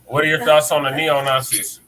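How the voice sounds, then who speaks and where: A man's voice: fairly high pitch, fairly even intonation, brisk, sharp tone. Emphatic man on a distant mic. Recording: distant mic with faint noise.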